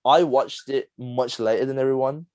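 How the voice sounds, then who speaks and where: A young man, co-hosting a casual podcast chat, rambling through animated stories with lots of laughter. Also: mid-range voice, moderate pace, dry recording. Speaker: podcast co-host.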